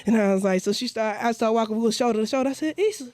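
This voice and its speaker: A woman singer-songwriter telling an animated, profane story in a casual interview. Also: fairly high pitch, very fast, few pauses, no echo.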